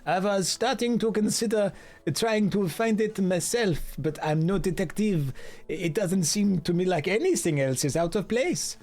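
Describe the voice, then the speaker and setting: Man doing a fussy middle-aged curator, mock German-French accent, high and swooping, slow theatrical drawl. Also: expressive, darkish tone. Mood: earnest. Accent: put-on mock German-French accent.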